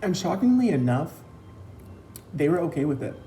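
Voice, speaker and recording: Mellow young man telling a story. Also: on the high side, big pitch swings, moderate pace. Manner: chatty retelling with many likes and quoted dialogue. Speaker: vlogger. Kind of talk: casual storytime. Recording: roomy echo with faint music.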